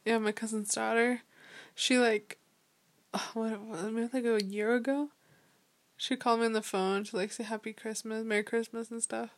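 A young woman in relaxed conversation, telling stories with lots of giggles. Her voice sits a little high, and she switches into exaggerated voices for the people she quotes. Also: normal speed. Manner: giggly, animated storyteller who acts out quotes. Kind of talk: casual chat.

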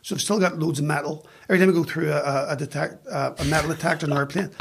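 A middle-aged man with a Northern Irish accent, chatting as a podcast guest and telling self-mocking stories in an animated way. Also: on the high side, very fast, vocal fry, breathy edge. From West Belfast, Northern Ireland. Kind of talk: casual storytelling.

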